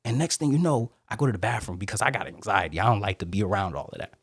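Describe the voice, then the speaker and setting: A young man from Detroit, a Marine and motivational speaker, telling his story as a podcast guest in a lively, acted-out way. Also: lowish voice, racing, breathy edge, dry recording, clean studio sound. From Detroit, Michigan. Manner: animated storyteller who acts out quoted voices.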